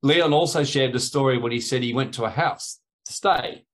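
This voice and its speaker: A man teaches in a loose sermon style, telling one story after another. His voice sits at an ordinary middle pitch. He drifts through fillers and restarts and acts out the people he quotes. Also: normal speed. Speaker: spiritual teacher.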